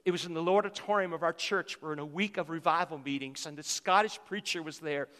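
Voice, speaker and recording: Male pastor, 50s, high voice, fervent sermon, long church reverb. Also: brisk, a bit bright. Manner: fervent, repeats phrases for emphasis.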